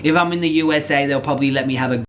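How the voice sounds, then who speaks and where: A man's voice: fairly high pitch, very fast, muffled recording, a little hiss or hum. A man hosting a drama commentary channel, casual, blunt and joking, with plenty of swearing.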